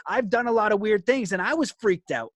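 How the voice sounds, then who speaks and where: A young man telling a story as a guest in an interview, animated, laughing often and filling his talk with "like". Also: sits high, fairly quick, no room sound.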